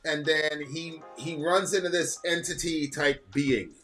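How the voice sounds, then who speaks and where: A man's voice: fairly high pitch, fairly even intonation, measured pace, a bit bright. Rambling man chatting over faint music. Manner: loose, rambling, lots of fillers. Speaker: reaction video co-host. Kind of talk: casual chat, reading lyrics aloud.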